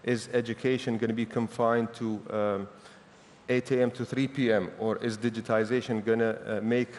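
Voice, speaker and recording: A man speaking as a panelist in formal remarks, polite and measured with frequent hesitations. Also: medium pitch, level tone, a little mellow. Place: large conference hall. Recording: reverberant hall, faint room noise.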